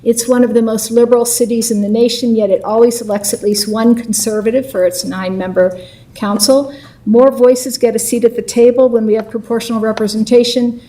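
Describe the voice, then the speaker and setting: Mellow-voiced woman advocating at council. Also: fairly high pitch, steady tone, brisk, distant mic, rough recording. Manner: earnest, informative advocacy. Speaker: public commenter. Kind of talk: prepared public comment.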